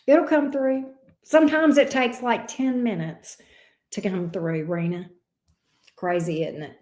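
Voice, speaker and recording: A woman's voice: mid-range voice, steady tone, unhurried, darkish tone, a little hiss or hum. Southern gal chatting with her stream viewers, calls everyone babes and love, roomy echoey sound. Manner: chatty, uses endearments like babes and love bug. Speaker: tarot reader livestream host. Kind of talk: casual livestream chat with viewers.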